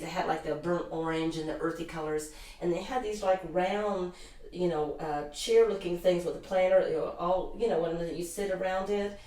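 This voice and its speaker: With a fairly low pitch and a darkish tone, a middle-aged intuitive healer shares rambling anecdotes as a guest in a casual interview, restarting often. The recording has a roomy echo from a distant mic.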